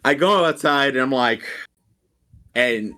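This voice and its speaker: A man's voice: mid-range voice, takes it slowly, sharp tone. A young man casually telling a rambling, profane story and quoting people animatedly as a podcast co-host.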